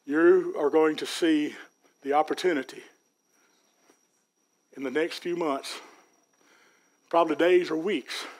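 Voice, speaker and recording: A man preaching a sermon in a church, folksy and rising to loud peaks. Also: on the high side, steady tone, takes it slowly, pauses often. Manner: folksy preaching, Southern US dialect, builds to shouts. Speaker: pastor. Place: church sanctuary.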